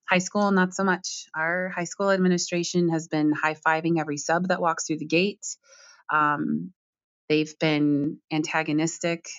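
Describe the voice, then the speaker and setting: A woman teacher answering interview questions earnestly, with frequent pauses. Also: deep voice, a bit bright, no room sound. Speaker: striking schoolteacher. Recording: slightly dull lo-fi sound.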